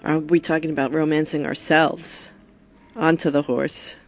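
Flat-toned female radio guest. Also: sits low, normal speed, soft background music. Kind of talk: casual talk radio chat.

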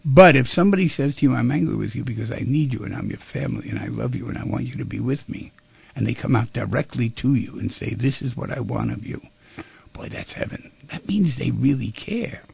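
Raspy radio advice guy, super gravelly, dry close sound, blunt and pushy. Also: medium pitch, expressive, brisk, a little mellow, dry recording. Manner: direct, coaching, repeats for emphasis. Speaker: radio call-in host. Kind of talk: call-in advice radio talk.

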